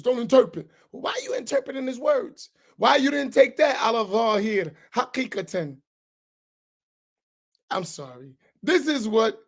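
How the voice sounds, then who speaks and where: Sarcastic gravelly man preaching. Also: very high-pitched. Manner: sarcastic, rhetorical questioning. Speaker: imam teaching a class. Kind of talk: heated religious lesson, argumentative.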